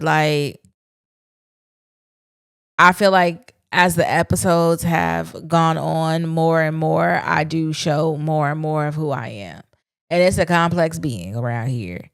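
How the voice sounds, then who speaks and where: A woman with a low, smooth, clear voice hosts her own podcast. She talks candidly and casually, with slang. The sound is dry and close to the mic. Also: expressive, a little slow, fairly bright tone, no room sound. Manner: candid, conversational, speaks her mind with slang. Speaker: podcast host. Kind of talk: solo reflective podcast monologue.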